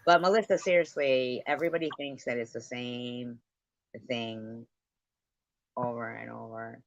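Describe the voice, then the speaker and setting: A woman's voice: very deep voice, little pitch movement, a little slow, creaky, no echo. Taunting woman on a dull lo-fi live stream. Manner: taunting, profane, swings loud and quiet. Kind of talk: heated live stream argument.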